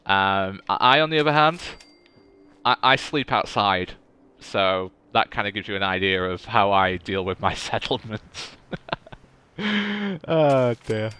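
A man's voice: on the low side, slow pace, pushed and bright, smooth. A young man streaming a video game, chatting in a goofy, casual way to his viewers. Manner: chatty, goofy, talks to chat. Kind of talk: casual gaming livestream chat.

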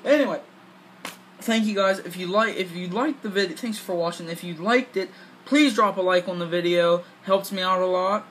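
High, excitable gamer man. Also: normal speed, husky, low-quality recording. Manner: excitable, talks back to the game, swears and laughs. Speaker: gaming channel host. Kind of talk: casual gameplay commentary.

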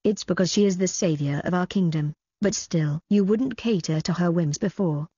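An arrogant young crown prince, read by a woman, defensive and disdainful toward his father. The voice is low, mellow and husky, on dull recording. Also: moderate pace, no echo. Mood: defiant. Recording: dull lo-fi audio.

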